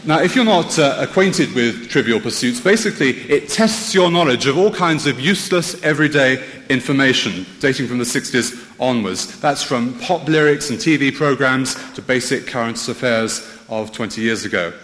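Male preacher, animated and wry, church-hall reverb. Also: mid-range voice, moderate pace, few pauses. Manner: lively, wry storytelling with rhetorical questions. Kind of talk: sermon.

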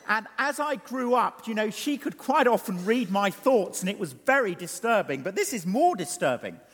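A man preaching a sermon with dramatic swings in pitch and loudness, from a stage. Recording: long hall reverb.

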